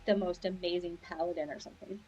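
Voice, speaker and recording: A woman's voice: lowish voice, fairly even intonation, quick pace, darkish tone, muffled recording, faint music behind. A young woman chatting casually while streaming a game, rambling and upbeat, on a lavalier mic at home. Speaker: gaming streamer. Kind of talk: casual live-stream chat.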